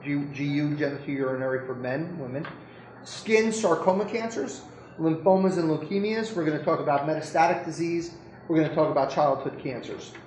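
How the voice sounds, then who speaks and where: A doctor giving an informal medical lecture to an audience, talking conversationally, joking and putting questions to the listeners. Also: male voice, on the high side, steady tone, brisk, darkish tone. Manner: conversational, jokey, keeps asking the audience questions. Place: lecture room. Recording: roomy echo with faint background noise.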